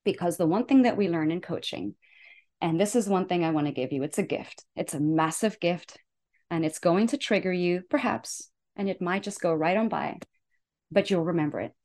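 A woman life coach hosting her own show, giving an enthusiastic motivational talk that swings between loud and soft. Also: fairly low pitch, moderate pace.

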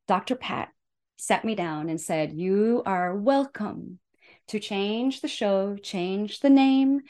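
A woman life coach hosting her own show, giving an enthusiastic motivational talk that swings between loud and soft. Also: mid-range voice.

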